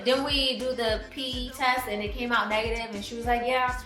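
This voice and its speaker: A woman in her twenties from Florida, telling a personal story to viewers in an animated, chatty way. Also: on the high side, moderate pace. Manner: animated, addresses viewers as y'all. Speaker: vlogger. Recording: roomy echo with faint music.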